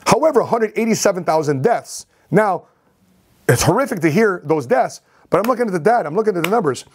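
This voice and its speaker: A man telling a personal story on his vlog as an entrepreneur, in an animated, repetitive way. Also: high voice, fast talker, breathy edge. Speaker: entrepreneur vlogger.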